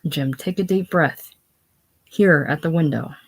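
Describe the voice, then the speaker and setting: Jim, a calm, steadying young man, as a reader voices him. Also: mid-range voice, measured pace, vocal fry, slightly rough. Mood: soothing. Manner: firm, soothing.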